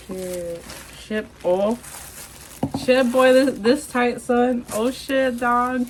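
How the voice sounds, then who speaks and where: A young woman from Texas vlogging an unboxing, hyper and excitable, swearing a lot and squealing. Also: a little high, slow pace, noisy background. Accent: Texan. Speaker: vlogger unboxing masks and merch. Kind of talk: casual unboxing vlog.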